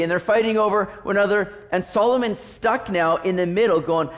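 High-voiced male pastor preaching. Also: fairly quick. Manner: conversational, with rhetorical questions and frequent restarts. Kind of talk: sermon.

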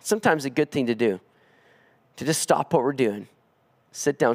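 A man preaching an expository sermon, earnest, climbing higher when he presses a point. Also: moderate pace, pauses often. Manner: earnest preaching, rising in pitch on emphatic pleas. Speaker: pastor.

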